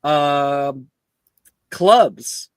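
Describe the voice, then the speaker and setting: A man running a tabletop role-play game as host and game master, recapping the last session in an unhurried way with plenty of fillers. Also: on the high side, clear, resonant tone, no echo.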